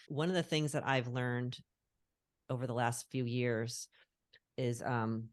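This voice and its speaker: A woman's voice: a bass voice, fairly even intonation, slow, pauses often, dry recording, clean studio sound. A middle-aged woman talking earnestly as a guest on a call, reflective and searching for her words. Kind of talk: casual conversation on a call. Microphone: call recording.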